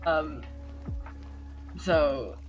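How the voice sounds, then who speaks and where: A woman's voice: deep voice, extremely slow, faint music behind, poor audio. A woman hosting a game playthrough, chatting, giggling and poking fun at herself as she reads game text aloud. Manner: giggly, chatty and self-mocking. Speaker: gaming channel host. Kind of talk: let's-play commentary, reading game text aloud.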